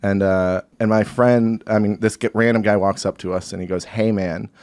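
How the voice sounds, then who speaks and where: A man with a fairly low voice tells a story on a podcast in a loose, animated way. He swears freely, and he is from Texas. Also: a little fast. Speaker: podcast guest. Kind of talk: casual storytelling.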